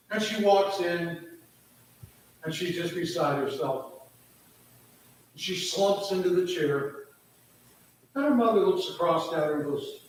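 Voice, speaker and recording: A man, a church minister, preaching a sermon as he tells an illustrative story with drawn-out pauses. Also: on the high side, a little hiss or hum.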